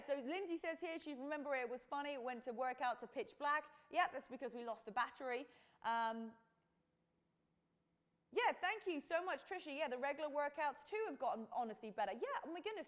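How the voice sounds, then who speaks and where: A woman from England in her thirties, with an accent mixing English, Australian and American, chatting bubbly and animated on a live stream from a lapel mic. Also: a little high. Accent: English mixed with Australian and American. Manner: bubbly, exclaiming, acts out quotes. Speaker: fitness podcast host. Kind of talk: casual live-stream chat.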